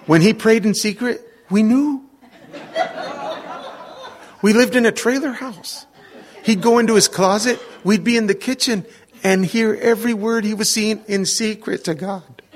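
A middle-aged man preaching, telling an animated personal story in a sermon and acting out the voices of the people in it. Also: sits high. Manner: animated anecdotes with quoted voices and laughter.

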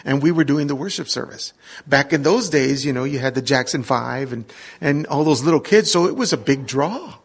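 A middle-aged man preaching, telling an animated personal story in a sermon and acting out the voices of the people in it. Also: mid-range voice, normal speed, husky. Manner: animated anecdotes with quoted voices and laughter.

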